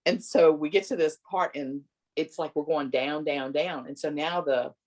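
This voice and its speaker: A middle-aged woman, an interview guest, telling a personal story and acting out the voices of people in it with big jumps in pitch. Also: moderate pace, a little mellow.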